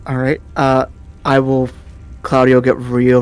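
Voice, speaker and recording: A man's voice: mid-range voice, completely flat delivery, measured pace, a little mellow, smooth. A man playing in a tabletop role-playing game, thinking aloud and hesitating. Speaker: player. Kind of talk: casual tabletop game chat.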